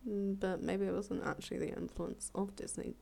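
A woman reading a fable aloud as a storyteller, relaxed and chatty, with casual asides and self-corrections. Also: medium pitch, normal speed, vocal fry.

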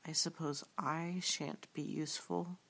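A woman reading the part of a gentle, slow-witted male teddy bear, soft and puzzled. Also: low-pitched, steady tone, vocal fry, husky, exaggerated voice. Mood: sad.

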